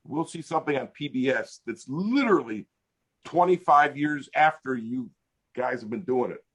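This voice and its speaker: Man, older, American accent, husky, very lively pitch, storytelling, interview guest. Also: normal speed. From United States. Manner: animated, laughing storyteller. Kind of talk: casual storytelling. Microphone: video call.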